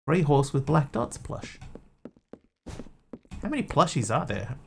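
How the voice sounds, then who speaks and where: A man's voice: a little high, very animated, measured pace, vocal fry, slight background noise. A man streaming a game, rambling and talking to himself as he plays. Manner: rambling, talks to himself while playing. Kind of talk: casual gameplay commentary.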